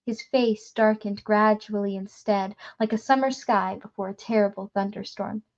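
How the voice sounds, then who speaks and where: A woman reading a novel aloud in a steady storytelling manner, stumbling now and then. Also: mid-range voice, normal speed, lo-fi sound. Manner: steady storytelling with occasional slips. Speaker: reader.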